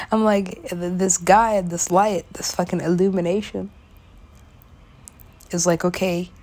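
A young woman vlogger with a mid-range voice and some vocal fry rambles through a casual personal monologue. She leans on "like" as a filler, swears, laughs a lot, and sometimes drops to a whisper.

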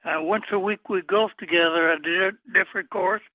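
A man's voice: high-pitched, steady tone, a little fast, no room sound. Older man on a tinny phone line. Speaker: guest author. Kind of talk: phone interview answers.

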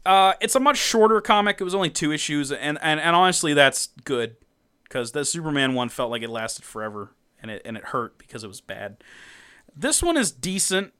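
Bright-voiced, animated, laughing man. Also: on the high side, a little fast, clean tone. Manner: animated, laughing often, swearing freely. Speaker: podcast co-host. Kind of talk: casual comic recap chat.

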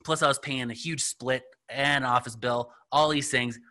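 A middle-aged real estate agent talks casually and at length about his career. His voice is bright and forceful, and his speech is full of fillers. He slips into other voices to act out the dialogue he quotes. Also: medium pitch, steady tone, normal speed. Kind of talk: casual storytelling interview.

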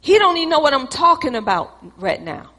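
High-voiced woman preaching in a reverberant hall. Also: big pitch swings, fairly quick, bright, forceful tone. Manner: dramatic, acts out both sides of an argument; repetitive, preacherly cadence. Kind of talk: sermon with acted-out dialogue.

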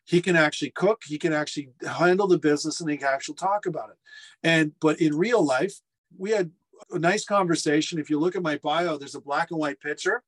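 Middle-aged man telling lively stories. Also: on the high side, brisk. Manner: lively anecdotal storyteller, acts out quotes. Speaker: restaurateur guest. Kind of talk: casual storytelling interview. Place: home furnace room.

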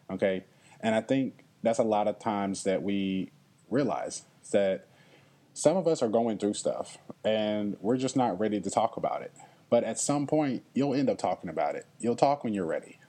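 A young man with a slightly low voice hosts a solo podcast in an earnest, reflective tone. He talks straight to his listeners and keeps checking in with a quick "okay?". At moments he sounds moved. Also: dark tone. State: emotional at times. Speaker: podcast host.

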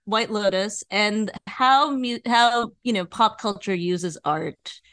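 A woman's voice: mid-range voice, slow pace, a bit bright, smooth. A woman hosting a casual podcast, chatty and agreeable, often murmuring agreement. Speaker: podcast host, artist. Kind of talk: casual chat.

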